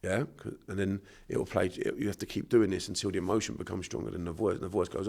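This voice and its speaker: A man's voice: sits low, steady tone, fast, vocal fry, darkish tone, breathy edge. A man from South London with a South London accent, a guest on a casual podcast interview, talking in a blunt, sweary, emphatic way. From Bermondsey, London. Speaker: podcast guest, unconscious mind therapist.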